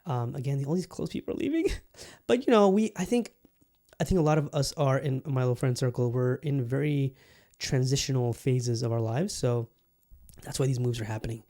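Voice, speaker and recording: A man's voice: mid-range voice, fairly quick, dark tone. Laid-back rambling male podcast host. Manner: rambling and easygoing, casual swearing, many fillers. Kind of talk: casual solo podcast chat.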